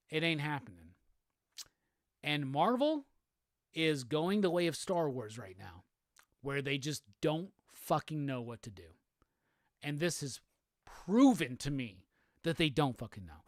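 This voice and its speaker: An angry man hosting his own live show, cursing constantly and hammering the same lines over and over. His pitch leaps and drops with feeling. The sound is dry and close, with no room around it. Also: no room sound. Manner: profane, repetitive, heated. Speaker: host. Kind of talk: angry solo commentary rant.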